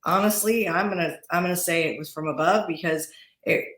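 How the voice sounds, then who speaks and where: A woman in her forties, a podcast guest talking casually, chatty and quick to laugh, often restarting and repeating words. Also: fairly low pitch, echoey room. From Utah. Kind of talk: casual interview talk. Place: podcast studio.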